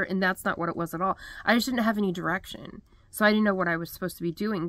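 A woman's voice: on the low side, gravelly, fairly bright tone, dry recording. A woman in a storytime vlog, chatty and exasperated, with lots of "like" and "um". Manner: many fillers like "like" and "um". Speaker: crafting vlogger.

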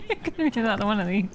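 A woman's voice: fairly high pitch, slight background noise. A young woman streaming a video game, playful and giggly, swearing and reacting to the game as she chats. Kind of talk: live game commentary.

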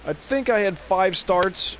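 A man's voice: high-pitched, lively intonation, measured pace, crowd noise. Rambling, swearing man streaming a game. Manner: rambling, profane, drifting off on tangents. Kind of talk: casual gameplay commentary.

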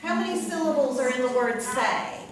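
A woman with a high voice teaches a class at an unhurried pace, patiently repeating each word and checking in with her students. She is recorded from the back of a classroom, so her voice comes from far off with strong echo. Steady room noise hums underneath. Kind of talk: classroom lecture.

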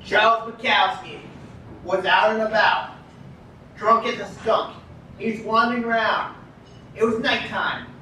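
A man performing a comic spoken-word poem in a deadpan storytelling way at an indoor event. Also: sits high, measured pace, pauses often, slight background noise. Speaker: poet. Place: indoor food shop event. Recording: echoey room from far off.

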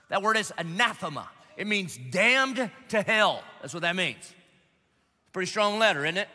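A male pastor preaches in a high, very bright and forceful voice, full of jokes and emphatic pleas to his congregation. His words ring out with the long reverb of a large church hall. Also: moderate pace. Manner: animated, joking, emphatic and direct with the congregation. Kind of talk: lively preaching sermon.

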